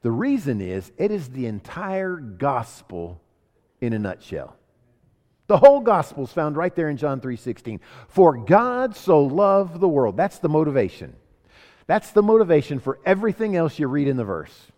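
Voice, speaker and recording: Man preaching a sermon, lively swooping pitch, rhetorical questions, long hall reverb. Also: normal speed. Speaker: pastor. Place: church sanctuary.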